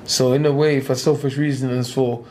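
A man's voice: mid-range voice, little pitch movement, moderate pace, a little mellow, slight background noise. A man, a boxer talking bluntly and getting heated in an interview, repeating himself. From England. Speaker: professional boxer.

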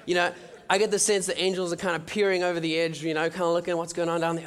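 A man in his thirties giving a conversational sermon testimony with jokey asides and frequent restarts, dropping to a soft hush at intimate moments. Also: high voice, flat delivery, racing. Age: 30s. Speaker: church speaker sharing his testimony. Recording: long reverb from a large hall.

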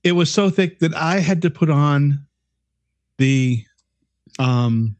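High-pitched guy on a podcast, swears a lot, trips over his words, dry sound. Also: lively intonation, takes it slowly, a little mellow, dry recording. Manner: profane, stammering restarts. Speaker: co-host. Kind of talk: casual podcast banter.

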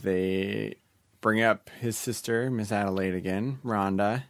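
A man's voice: lowish voice, fairly even intonation, unhurried, gravelly, dry recording, clean studio sound. A man co-hosting a podcast in a casual chat, earnest and laid-back. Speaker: podcast co-host.

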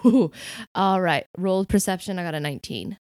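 A woman's voice: fairly low pitch, a little fast, darkish tone, dry recording. Woman player, chatty and scattered, dry close recording. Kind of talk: casual game chat.

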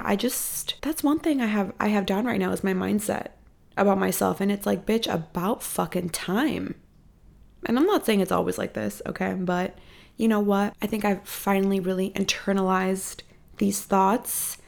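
A young woman hosting her podcast from her apartment, giving a casual, profane, animated motivational pep talk. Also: mid-range voice, creaky. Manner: expressive, profane, animated emphasis. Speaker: podcast host. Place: apartment room at home.

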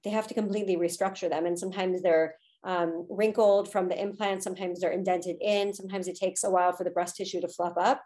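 A podcast guest in her thirties, a spiritual teacher, tells a personal story candidly and emotionally, filling it with lots of fillers. Her voice is on the low side with a darkish, steady tone, and she talks fast with few pauses.

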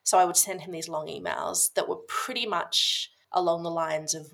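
Gravelly-voiced woman telling her story. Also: fairly low pitch, moderate pace, fairly bright tone. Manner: chatty, lots of "like" and restarts. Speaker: podcast guest. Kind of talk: casual personal storytelling.

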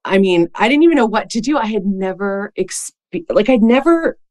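A woman's voice: mid-range voice, animated, normal speed, darkish tone. Chatty woman podcast host. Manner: chatty storytelling with many "like" fillers. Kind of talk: casual conversational interview.

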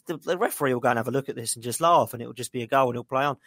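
A man's voice: mid-range voice, very fast, few pauses, fairly bright tone, dry recording, studio quality. A man co-hosting a football podcast, talking in a plain, exasperated way. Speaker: podcast co-host. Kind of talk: casual football chat.

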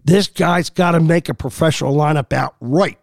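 A man's voice: fairly high pitch, moderate pace, vocal fry, no echo, clean studio sound. A man hosting a sports podcast, arguing his opinions in a heated, emphatic way.

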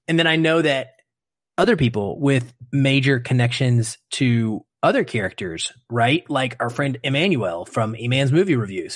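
A man's voice: mid-range voice, fairly bright tone, no room sound, studio quality. A man co-hosting a podcast, talking earnestly and emotionally about a film in casual discussion. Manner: earnest, emotional, quick bursts of speech. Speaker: podcast co-host.

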